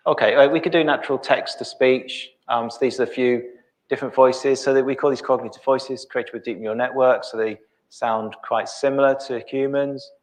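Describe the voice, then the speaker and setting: A middle-aged man presenting a live software demo, thinking aloud with many ums and restarts. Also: mid-range voice, steady tone, normal speed.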